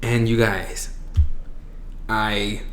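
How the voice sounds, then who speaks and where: A man's voice: lowish voice, little pitch movement, drawn-out words, fairly bright tone. Emotional young man telling a personal story. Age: 20s. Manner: emotional, voice breaking near tears at times; casual, many "like"s, mixing in Spanish phrases. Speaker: vlogger. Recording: echoey room.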